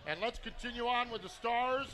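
A male host introduces guests and sponsors in an upbeat, announcer-like way. His voice sits very high for a man. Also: normal speed, bright, forceful tone. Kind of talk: live event talk show.

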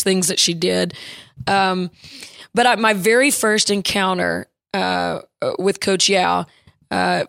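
A woman basketball coach interviewed as a guest, telling a story reflectively, often pausing on fillers and restarting phrases. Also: mid-range voice, creaky, fairly bright tone, no echo, studio quality.

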